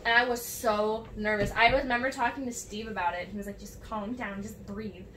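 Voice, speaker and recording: A woman's voice: mid-range voice, steady tone, brisk, fairly bright tone. A teenage girl hosting a podcast, telling a long story with lots of "like"s, laughing and close to tears. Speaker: podcast host. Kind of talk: casual chat. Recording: far from the mic in an echoey room with faint noise.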